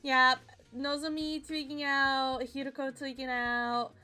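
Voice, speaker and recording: Chatty woman streamer, voice rough from a nap. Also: sits high, measured pace. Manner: chatty, excitable, swears. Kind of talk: casual game commentary.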